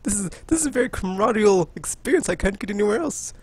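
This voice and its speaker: A man's voice: high voice, lively intonation, very fast, darkish tone, husky, voice pushed up. A man putting on a plummy posh scientist. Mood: smug cheerful. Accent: put-on posh British. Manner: plummy, prim, chuckling. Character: pompous posh male gamer-scientist, cheerfully deluded.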